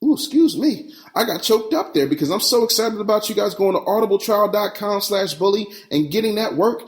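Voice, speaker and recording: A man's voice: high-pitched, brisk. A man hosting a business podcast, talking in a brash, in-your-face, streetwise way. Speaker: podcast host and business coach. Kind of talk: casual podcast talk and ad reads.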